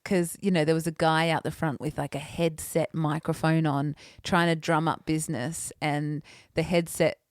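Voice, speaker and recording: Female podcast co-host, low-ish voice, lively storyteller, dry close sound. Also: normal speed, hardly any pauses, no room sound. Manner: animated storyteller, laughs often. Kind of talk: casual chat, storytelling.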